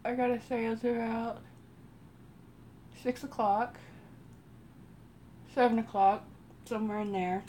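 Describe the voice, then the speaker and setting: A woman with a Texas accent telling a personal story in a slow, rambling way while doing her makeup on a live stream. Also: fairly high pitch, fairly even intonation, dark tone, a little hiss or hum. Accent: Texan. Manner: slow rambling delivery with many pauses. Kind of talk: casual storytelling during a makeup routine.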